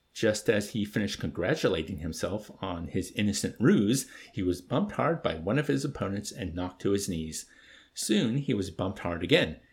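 A man reading a novel aloud as narrator with expressive, dry storytelling. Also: low-pitched, gravelly. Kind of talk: audiobook reading.

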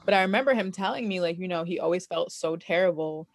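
A woman guest in a casual podcast chat, telling stories in a relaxed, animated way and laughing often. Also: fairly low pitch, fast talker, vocal fry, dry recording, clean studio sound.

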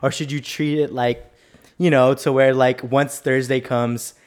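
A man's voice: medium pitch, flat delivery, a little slow. A young man co-hosting a casual podcast, agreeable and full of yeahs. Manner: agreeable, lots of yeahs and restarts. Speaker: podcast co-host.

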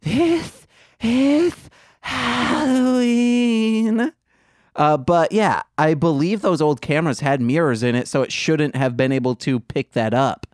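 A man's voice: medium pitch, moderate pace, hardly any pauses, no room sound, clean studio sound. A man co-hosting a podcast in playful casual chat, often restarting his sentences. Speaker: podcast co-host.

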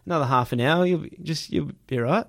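A man's voice: on the high side, quick pace, no echo, studio quality, lightly acted. A man voicing a plainspoken, reassuring older mother, matter-of-fact and offhand.

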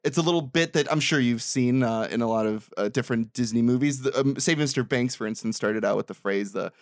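A man co-hosting a casual podcast chat, playful and quick to laugh. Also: medium pitch, dry recording, studio quality. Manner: laughs often, playful and animated. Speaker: podcast co-host.

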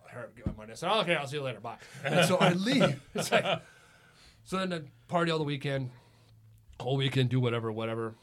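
A man's voice: mid-range voice, expressive, fast talker. A middle-aged man hosting a podcast, telling a rambling story with lots of laughs and "it's like.". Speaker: podcast host. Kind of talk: casual storytelling chat.

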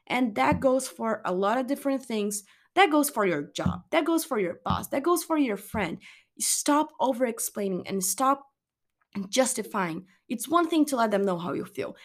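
A young woman talking straight to her viewers about anxiety and self-care, earnest and rambling, often restarting her sentences. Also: a little high. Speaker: wellness vlogger. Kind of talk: candid motivational monologue.

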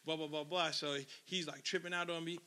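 Bright, high-voiced young man telling stories. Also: fairly quick. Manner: animated, laughs often, acts out quotes. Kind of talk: casual storytelling chat.

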